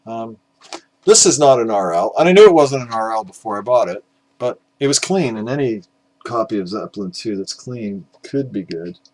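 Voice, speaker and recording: With a low, animated voice at normal speed, a middle-aged man presents records for his vinyl collecting video. He's exhausted from being up at five in the morning, and he rambles casually, making fun of himself and saying "uh" a lot.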